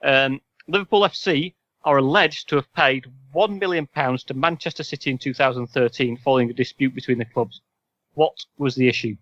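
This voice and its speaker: Man, podcast quizmaster, sarcastic, bright forceful voice, dry slightly dull call audio. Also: mid-range voice, no room sound. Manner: sarcastic, rambling with fillers. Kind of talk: casual podcast chat. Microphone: video call.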